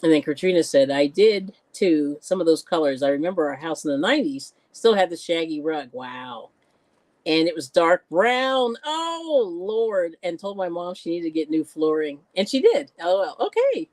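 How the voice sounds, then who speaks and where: A woman with a fairly low voice hosts a casual crafting livestream, reading out viewer comments and chatting freely. Her pitch swings widely as she talks, and she laughs often. The sound is dry and close, with no room echo. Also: very animated, moderate pace, a little mellow. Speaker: livestream host. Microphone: computer mic on a live stream.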